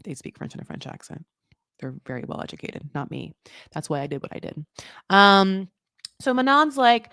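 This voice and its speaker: A woman hosting a casual recap commentary, chatty and full of fillers, swearing freely and acting out quotes in high mock voices. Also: very animated, normal speed, a bit bright, no echo, clean studio sound. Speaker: recap show host.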